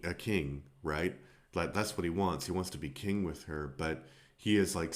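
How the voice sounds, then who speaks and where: A man hosting a film review podcast, talking casually and rambling, with many fillers and restarts. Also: low-pitched.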